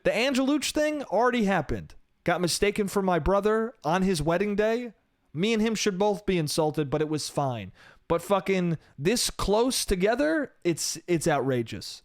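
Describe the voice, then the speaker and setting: A man's voice: sits high, very animated, moderate pace, no room sound, clean studio sound. A young man hosting a solo podcast, telling a story in a casual, profane style full of "bro" and "dude".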